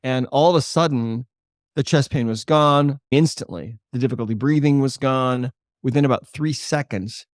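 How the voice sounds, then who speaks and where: A man's voice: mid-range voice, darkish tone, no echo, studio quality. Earnest older man telling a story. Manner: earnest, measured explainer who slows for emphasis. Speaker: guest, holistic chiropractor. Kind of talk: storytelling in a podcast interview.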